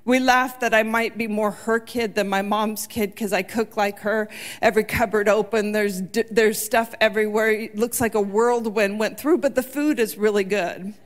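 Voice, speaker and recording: A woman's voice: mid-range voice, steady tone, normal speed. A woman in her forties giving a sermon, telling personal stories in an earnest, heartfelt way. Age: 40s. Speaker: church speaker.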